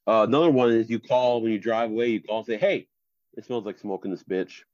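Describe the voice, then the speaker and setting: A man's voice: lowish voice, fairly even intonation, fast talker, a little mellow, no echo, lo-fi sound. A man co-hosting a casual podcast, telling rambling stories with lots of fillers. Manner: rambling storyteller, many fillers and laughs. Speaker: podcast co-host. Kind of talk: casual chat.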